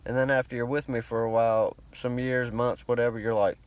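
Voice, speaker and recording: A man with a rural American country accent speaks in a drawling, laid-back voice. He meanders from thought to thought, swearing casually and sounding a little self-conscious. His pitch sits in an ordinary middle range. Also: little pitch movement, a little fast, clear, resonant tone. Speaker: vlogger. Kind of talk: rambling casual monologue.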